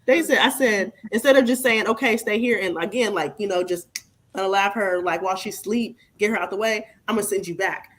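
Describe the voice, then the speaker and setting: Book club co-host, woman; mid-range voice, relaxed, wry retelling. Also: mid-range voice, brisk. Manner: laid-back, wry retelling. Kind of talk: casual chat.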